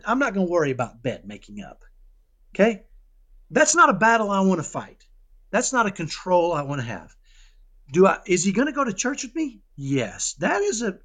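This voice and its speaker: Lively high-pitched man talking parenting. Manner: animated, keeps asking "right?"; acts out dialogues with his son. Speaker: parenting guest. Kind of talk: casual conversational interview.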